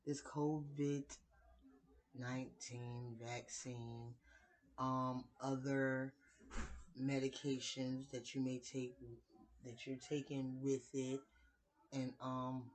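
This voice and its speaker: A woman in her late thirties sharing her opinions in a casual vlog, speaking in a deliberate, conversational way with playful dramatic asides. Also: very deep voice, slight background noise, rough recording. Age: 30s. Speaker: vlogger.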